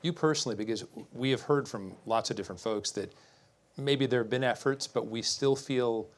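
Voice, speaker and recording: A man's voice: medium pitch, moderate pace. A man moderating a political debate, asking direct follow-up questions to candidates.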